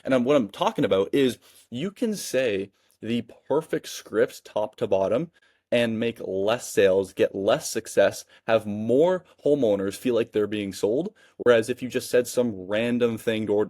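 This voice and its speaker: A man's voice: lowish voice, darkish tone, no room sound, clean studio sound. A man in his twenties giving casual sales advice in a chatty way, often adding "right?". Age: 20s. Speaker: sales coach and business owner. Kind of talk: casual teaching monologue.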